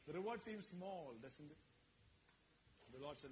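A man preaches to his congregation, his voice climbing loud on key phrases and dropping low between them. His voice sits a little high for a man, with faint room ambience behind him. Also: lively intonation, unhurried, pauses often, slight background noise, poor audio. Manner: preaching, often swelling loud, calling for amens. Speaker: pastor. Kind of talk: sermon.

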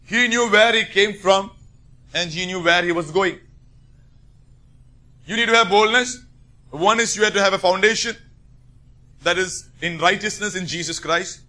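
A man preaching a sermon, emphatic and rising into forceful bursts. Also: high voice, normal speed, long pauses.

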